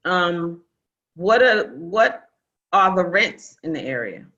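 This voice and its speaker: Bright-voiced New woman on a video call. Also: lowish voice, animated, slow. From Brooklyn, New York. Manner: chatty, repeats phrases, coaching tone. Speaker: real estate training host. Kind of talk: casual online training call. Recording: dull lo-fi video call audio.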